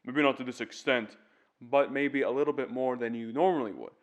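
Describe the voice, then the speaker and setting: A man's voice: mid-range voice, brisk, muffled recording. Guy voice coach walking you through tips, earnest, shows each step. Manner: earnest, demonstrative, explains step by step. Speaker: singing teacher. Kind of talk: casual vocal tutorial.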